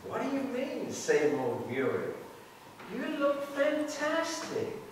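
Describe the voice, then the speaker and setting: An amateur actor playing a smooth-talking, flirtatious Hollywood producer in a live stage play, recorded from far off in a hall. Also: male voice, very high voice, wildly swooping pitch, takes it slowly, slight background noise, heavily acted. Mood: charming. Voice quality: wheedling, charming, eager. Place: theatre stage.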